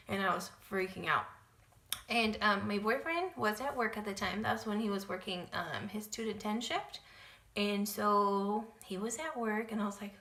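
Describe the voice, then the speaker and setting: A young woman chats through a story-time vlog with a bright, forceful voice. She talks casually and loosely, leaning on "like" and "um". The room is echoey around her. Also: medium pitch, normal speed. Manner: chatty, lots of "like" and "um" fillers. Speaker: vlogger.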